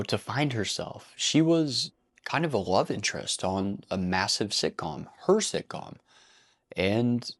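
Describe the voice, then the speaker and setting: A man hosting a casual vlog commentary, talking bluntly with frequent swearing and breaking into laughter. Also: fairly low pitch. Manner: blunt and profane, laughs easily. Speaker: commentary channel host.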